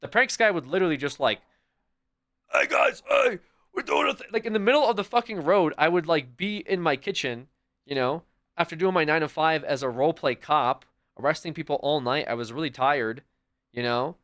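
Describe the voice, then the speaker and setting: A man's voice: fairly high pitch, brisk. Rambling, swearing male streamer. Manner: rambling, profane, animated. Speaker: livestreamer. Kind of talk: casual chat with viewers.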